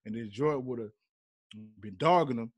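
Man, from the Bay Area, podcast guest, animated, teasing, casual sports debate, dry sound. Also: mid-range voice, normal speed, slightly rough, no room sound. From San Francisco Bay Area. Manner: animated, teasing, rising to loud protests.

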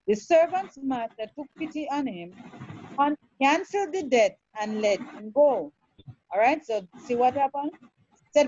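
A woman's voice: high-pitched, animated, a little mellow. A woman teaching a sermon and reading scripture aloud, often repeating words and checking in with the listeners. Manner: halting, repeats words, checks with "all right?". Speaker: preacher. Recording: dull, dry, lo-fi sound.

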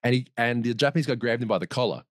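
A man's voice: mid-range voice, very fast, no room sound, clean studio sound. A man as a podcast guest, telling a long story in a rambling way, with restarts and laughs. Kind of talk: casual storytelling.

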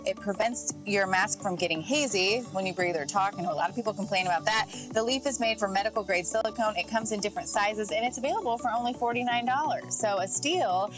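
A woman's voice: medium pitch, fast talker, few pauses, over music, rough recording. Chatty woman presenting tech gadgets. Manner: chatty, informal, reads product notes with asides. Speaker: tech segment guest. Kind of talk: casual TV segment chat. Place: TV studio.

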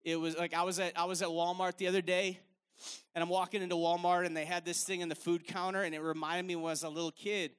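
A man preaches a sermon in a strikingly high, forceful voice. He talks in a loose, conversational way and drives his points home by repeating phrases. The energy stays up throughout. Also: level tone, quick pace, clear, resonant tone. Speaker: evangelist preacher.

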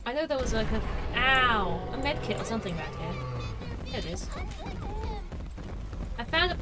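A woman's voice: on the high side, big pitch swings, moderate pace, long pauses, background noise. A woman playing a video game live, joking to herself and crying out as she plays. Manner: playful, exclaiming, joking to herself. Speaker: game streamer. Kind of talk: live gameplay commentary.

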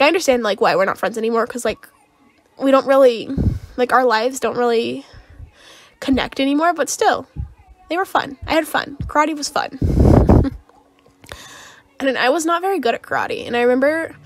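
A young woman rambling casually as she talks over a game build video, with lots of fillers and small laughs. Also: high voice. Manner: rambling, filler-heavy, giggly. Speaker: game streamer.

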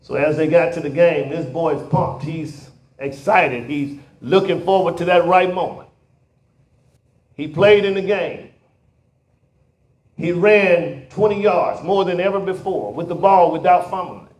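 Pastor, high tenor preaching voice, rising to shouts, roomy sanctuary sound. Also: male voice, unhurried. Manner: builds to shouted emphatic climaxes. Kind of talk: sermon. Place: church sanctuary. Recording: roomy church hall echo.

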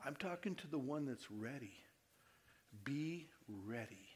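A man preaching a sermon to his church, moving between quiet appeals and loud emphatic stretches and asking his listeners direct questions. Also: mid-range voice, lively intonation, unhurried. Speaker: pastor. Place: church service before a congregation.

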